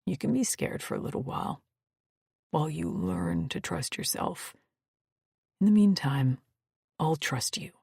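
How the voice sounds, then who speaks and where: A woman doing a gruff, steady alien warrior man. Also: unhurried, pauses often, no echo, clean studio sound, exaggerated voice. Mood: soothing. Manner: low, firm and soothing.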